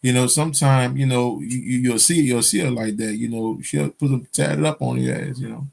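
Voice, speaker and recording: A man's voice: medium pitch, fairly quick, creaky, darkish tone. A man telling a personal spiritual story in a casual, profane, rambling monologue, often checking in with "you understand?". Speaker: spiritual vlogger.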